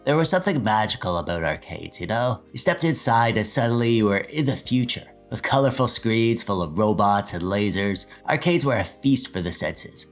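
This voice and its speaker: A man in his thirties with a nasal, slightly stuffy voice that sits on the low side. He talks in a casual, self-deprecating vlog style, sarcastic one moment and excitable the next. Faint music plays quietly behind him. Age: 30s. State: stuffy, getting over an illness. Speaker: DIY tech vlogger.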